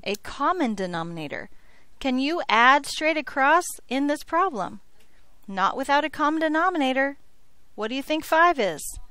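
High-voiced playful algebra teacher. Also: female voice, very animated, normal speed, bright, forceful tone, no echo. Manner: playful, jokey, checks in with frequent "okay?". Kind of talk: classroom lecture. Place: classroom.

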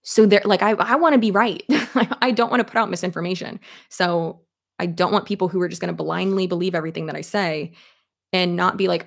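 A young woman chats to her audience in a loose, animated commentary, full of fillers and casual swearing. Her voice sits on the low side with a gravelly fry running through it. She reads and answers viewer comments as she goes. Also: brisk. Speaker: commentary YouTuber. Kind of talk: casual commentary chat, reading live comments.

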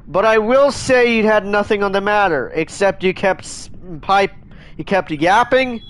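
A man streaming a game live, chatting in a rambling, excitable way and scolding his chat, with many restarts. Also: sits high, measured pace.

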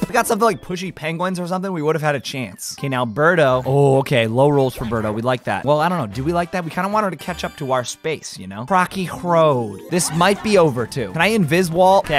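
A man giving excited let's-play commentary, chanting words over and over and yelling at the game. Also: a little high. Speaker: gaming YouTuber.

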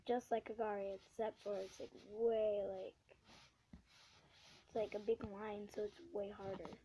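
A woman giving gameplay commentary, excitable, swinging from hushed whispers to sudden shrieks. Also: mid-range voice, unhurried, heavy background noise. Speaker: gamer.

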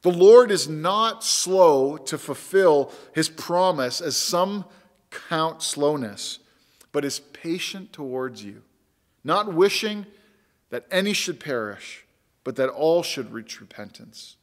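Earnest high-voiced male pastor preaching. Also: lively intonation, takes it slowly, long reverb tail. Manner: earnest, emphatic, repeats key words. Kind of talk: sermon. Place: church sanctuary.

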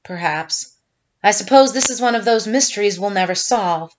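A woman's voice: mid-range voice, lively intonation, normal speed, slight background noise, close to an everyday voice. Woman doing a talkative army captain, rambling plans, a bit muffled. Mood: brisk. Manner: rambling, planning aloud. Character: military captain, brisk and talkative.

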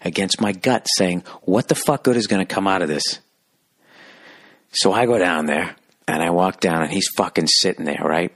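A man hosting a podcast, telling a rambling, profane comic story and jumping into loud high voices for the people he quotes. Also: normal speed, husky. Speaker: podcast host. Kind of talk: solo comedic rant.

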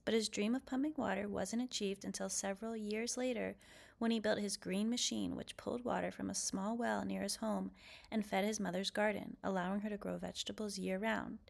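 Woman, children's book read-aloud, gravelly, medium pitch, expressive. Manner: expressive, lively character quotes.

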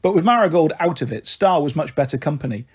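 A man narrating a children's novel in a steady, gentle read-aloud style. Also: on the high side, fast, husky. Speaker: storyteller.

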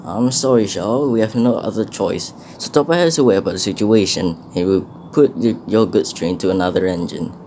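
A man's voice: low voice, fairly quick, few pauses, mellow, a little hiss or hum. A man playing an earnest, apologetic engine driver. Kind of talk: storybook voice acting.

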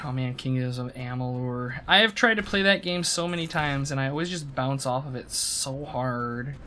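A man's voice: medium pitch, moderate pace, noisy background. A young man streaming a game, reading its lore aloud with drama and then chatting casually with his viewers. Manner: dramatic storyteller reading, loose and chatty between reads.

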